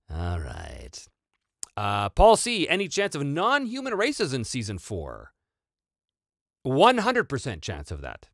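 A man's voice: fairly high pitch, a little slow, no echo, clean studio sound. A man hosting a tabletop RPG channel, answering viewer questions in casual chat with plenty of fillers and restarts. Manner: animated, rambling, many fillers and restarts.

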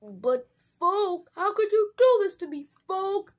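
Plush ex-con guy, loud and whiny, a woman voices him, homemade skit. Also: on the high side, measured pace. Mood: indignant. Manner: loud, whiny, repeats folk. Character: sorry male ex-convict plush who keeps saying folk.

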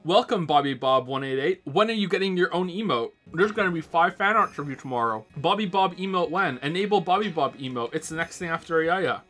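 A male streamer commenting on a video game as he plays. He talks casually and excitably, quick to swear and crack sarcastic jokes, with faint game music behind him. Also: a little high. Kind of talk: casual let's-play commentary.

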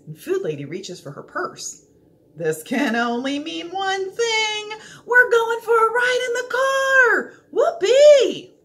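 A woman reading a children's book aloud in an expressive, playful storytelling manner. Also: medium pitch, slight background noise.

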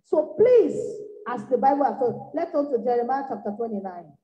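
Woman evangelist, high voice, fiery revival preaching, echoey room. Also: fast. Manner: exhorting, repetitive, swinging from soft to loud bursts. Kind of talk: revival sermon. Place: church meeting room. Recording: echoey, dull lo-fi room recording.

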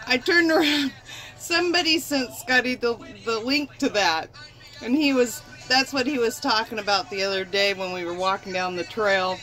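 A woman in casual chat, lively and teasing. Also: a little high, moderate pace, soft background music, rough recording.

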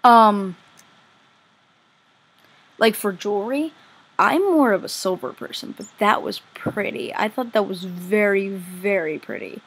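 A woman commenting casually on her own game play as a vlogger, chatty and easily excited, gushing over what she finds. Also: mid-range voice, unhurried, long pauses, breathy edge. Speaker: gaming vlogger.

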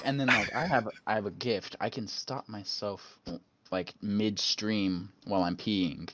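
A man's voice: on the low side, steady tone, a little slow, few pauses, fairly bright tone, slight background noise. A young man hosting a podcast, telling a story in casual chat with crude, rambling swearing. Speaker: podcast host.

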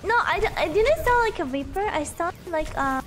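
A woman's voice: very high-pitched, expressive, normal speed, fairly bright tone, a little hiss or hum. A young woman streaming a video game, chatting casually and giggling often. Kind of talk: casual gameplay chat.

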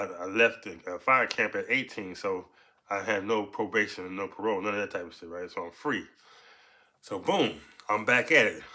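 A man casually telling a story from his past in street slang, punctuating it with "right?" and "so boom". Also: bright, forceful tone. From Los Angeles.

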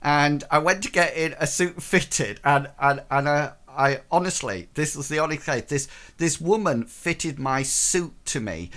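A man's voice: a little high, a little slow, few pauses, a bit bright. A man from the UK chatting playfully to viewers while streaming a game, joking and poking fun at himself. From United Kingdom. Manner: playful, self-mocking, chatty. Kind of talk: casual game stream chat.

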